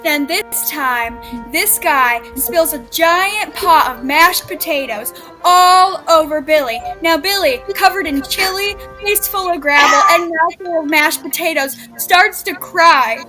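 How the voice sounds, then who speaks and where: A woman's voice: extremely high pitch, measured pace, music in the background. A woman improvising a comic story over a video call, narrating dramatically.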